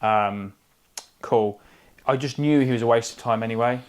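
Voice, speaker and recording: A man's voice: medium pitch, moderate pace, clear, resonant tone. A man, an estate agent, telling a clipped, chatty story while co-hosting a podcast from a living room. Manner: chatty anecdotal storyteller, drops subjects from clipped sentences. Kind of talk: casual storytelling chat.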